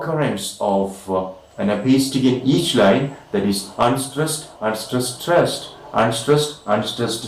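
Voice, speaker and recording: A man teaching a recorded lecture, speaking slowly and deliberately, spelling words out letter by letter and chanting stress patterns with rising emphasis. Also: on the low side, darkish tone, reverberant, recorded from a distance, low-quality recording.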